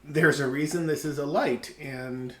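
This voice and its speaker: A man co-hosting a casual podcast, easygoing and quick to agree. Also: a little high, fairly even intonation. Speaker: podcast co-host. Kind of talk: casual chat over beers. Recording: echoey room with faint noise.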